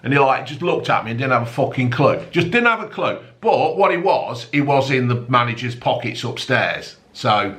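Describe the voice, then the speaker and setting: A man's voice: mid-range voice, animated, moderate pace, few pauses, a bit bright. A middle-aged man with a blunt, sweary, mocking manner, rambling through the tabloid news as a comic rant. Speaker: comedic news commentator.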